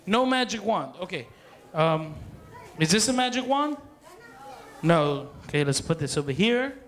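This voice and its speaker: A man's voice: high-pitched, very animated, unhurried, a bit bright. A man working as a children's party magician, playfully joking with the kids and calling out to the crowd in a party hall. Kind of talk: live party magic show patter. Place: party hall with dance floor.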